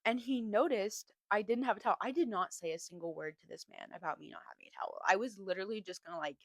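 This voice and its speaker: A young adult woman hosting a podcast, telling a story in a chatty, animated way, laughing often and filling her talk with "like.". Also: mid-range voice, quick pace, no echo. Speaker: podcast host. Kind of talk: casual storytime chat.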